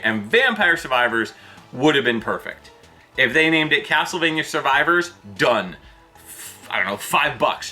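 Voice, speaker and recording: A man hosting a gaming video, ranting loosely and in exasperation, with sudden jumps up in pitch. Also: sharp tone. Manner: loose, with fillers and restarts. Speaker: video host. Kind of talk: ranting commentary vlog.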